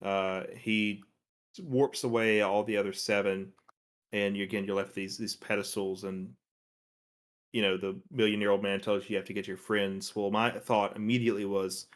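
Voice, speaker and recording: A man co-hosting a casual gaming podcast, talking in a relaxed, thoughtful way with many fillers. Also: lowish voice, normal speed. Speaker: podcast co-host.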